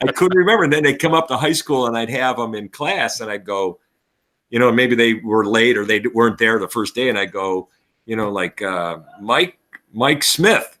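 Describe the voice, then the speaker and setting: A man spins animated stories from a long teaching and coaching career. His voice is bright and forward, and he drops into quick impressions of the people in his anecdotes. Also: mid-range voice. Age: 60s. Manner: animated storyteller, acts out voices. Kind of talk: casual podcast chat.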